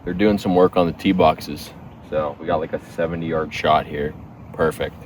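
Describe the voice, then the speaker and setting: A man's voice: very deep voice, fairly even intonation, moderate pace. A man calling his own golf shots in casual, joking play-by-play outdoors on a windy course. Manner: laid-back, joking. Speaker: golf vlogger.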